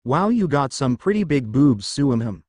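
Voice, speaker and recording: A man's voice: medium pitch, sing-song, moderate pace, darkish tone, dry recording, studio quality. A man voicing a small, cheeky teen boy student who gets whiny and panicky, in a fan story reading. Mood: leering.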